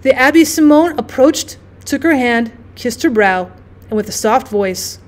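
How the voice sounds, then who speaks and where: A woman teacher narrating a classic story in a measured, expressive storytelling way. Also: high voice. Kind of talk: audiobook narration.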